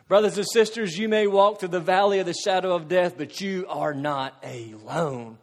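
A middle-aged male pastor preaching a sermon with passion, building to loud emphatic peaks and easing into a soft, gentle invitation. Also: a little high, normal speed, few pauses. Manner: impassioned preaching that swells loud, then drops to soft invitation.

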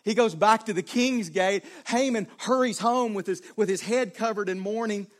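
A male preacher giving a sermon, dropping to a hushed voice and then rising to raised, pleading cries. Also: moderate pace. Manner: swings between hushed low passages and raised pleading cries.

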